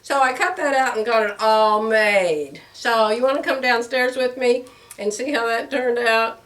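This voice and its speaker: Older woman, sewing vlog, chatty and rambling, laughs a lot, slightly high voice, roomy echo. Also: unhurried, a bit bright, far from the mic. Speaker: sewing vlogger. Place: home room. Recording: roomy sound from away from the mic.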